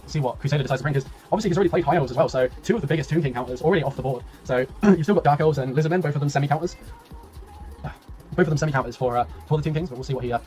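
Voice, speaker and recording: A man casting a strategy game tournament on a live stream, chatty and laughing, with a tiring voice that he keeps clearing. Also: medium pitch, darkish tone. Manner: chatty, laughing, rambling, swears, reads chat aloud. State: voice tiring, clearing throat often. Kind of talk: casual live-stream commentary.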